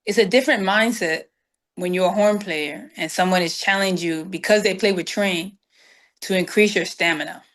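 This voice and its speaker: A woman's voice: on the low side, moderate pace. A woman guest, telling stories in an interview and acting out the voices of the people in them. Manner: animated storyteller acting out quoted dialogue. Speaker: guest saxophonist. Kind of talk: storytelling interview.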